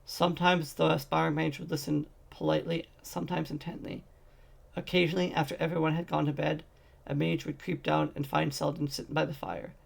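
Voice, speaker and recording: A man's voice: a little high, little pitch movement, a little fast, gravelly, breathy edge. A man narrating a fantasy short story as a fan audiobook, reading steadily with occasional slips.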